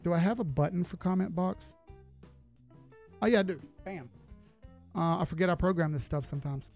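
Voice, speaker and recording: A man's voice: high-pitched, moderate pace, darkish tone, faint music behind. A man giving live chart analysis on a stream, talking casually and greeting viewers as he goes. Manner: casual, folksy, chats with viewers while reading charts.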